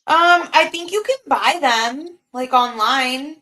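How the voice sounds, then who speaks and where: A woman's voice: high-pitched, takes it slowly, sharp tone. A woman chatting on a live audio panel, giggly and teasing. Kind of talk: casual live chat.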